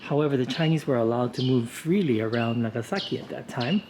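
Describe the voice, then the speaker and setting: A travel vlogger and walking tour guide with a mid-range voice talks briskly outdoors on noisy city streets. He's relaxed and informative, explaining the sights casually and leaning on lots of "uh" and "you know."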